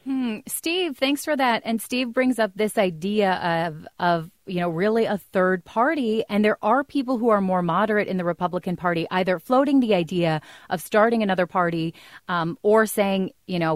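A woman's voice: medium pitch, moderate pace, no echo, studio quality. A woman hosting a radio call-in show, conversational as she brings in callers and questions her guest. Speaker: radio talk show host.

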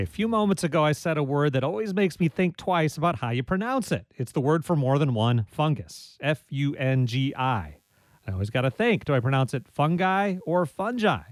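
Wry, measured male radio host. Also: on the high side, no room sound. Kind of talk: public radio talk show hosting.

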